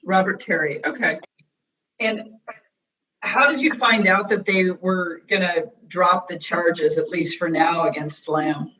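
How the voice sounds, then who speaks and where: Bright-toned woman reporter interviewing. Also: fairly low pitch, a little slow, a little hiss or hum, rough recording. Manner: attentive, brief prompts. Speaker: reporter, host. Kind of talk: conversational interviewing. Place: her bathroom at home.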